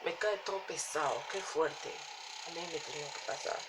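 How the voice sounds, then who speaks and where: A woman's voice: sits low, fast. A woman reviewing a wig in a casual vlog, exasperated and sighing as she rambles. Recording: noticeable background ambience noise.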